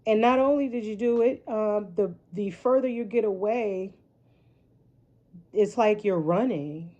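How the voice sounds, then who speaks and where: A tarot reader gives a casual reading in an unhurried, warm, mid-range voice. She rambles and speaks frankly, cursing freely and tossing in rhetorical "right?"s all the time. The sound is lo-fi.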